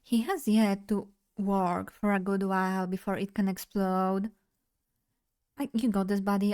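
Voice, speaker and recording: A young woman chatting casually on a live stream, playful and loose as she talks straight to her chat. Her voice sits at a middling pitch for a woman, neither high nor low. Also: steady tone, moderate pace, darkish tone, clear, resonant tone.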